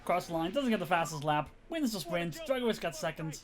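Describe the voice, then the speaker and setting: A man's voice: high voice, expressive, brisk, a crowd in the background. A man streaming a racing management game, chatting casually and thinking aloud with restarts and chuckles. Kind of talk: casual gameplay commentary.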